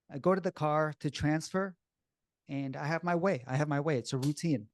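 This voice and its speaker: A man telling a personal story in a blunt, animated, casual way, swearing freely and sounding shaky and upset as he recalls it. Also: fairly high pitch, fairly quick, no room sound, studio quality.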